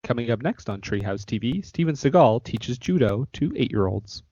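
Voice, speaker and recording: Lively announcer-voiced man. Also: mid-range voice, normal speed, breathy edge, lo-fi sound. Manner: announcer-style delivery. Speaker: podcast co-host.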